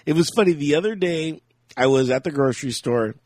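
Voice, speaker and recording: A man with a slightly high voice co-hosts a casual podcast, telling meandering stories and laughing often. He acts out the lines people said to him. The sound is very dry and close. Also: expressive, brisk, a little mellow, no echo. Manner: rambling storyteller, laughs often, acts out quotes. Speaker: podcast co-host. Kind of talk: casual chat.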